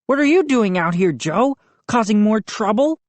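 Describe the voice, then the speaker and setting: A woman's voice: medium pitch, animated, moderate pace, a little mellow, no echo, pitched above the performer's own voice, close to an everyday voice. A woman voicing a big, bullying neighbor boy who taunts and threatens. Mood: taunting.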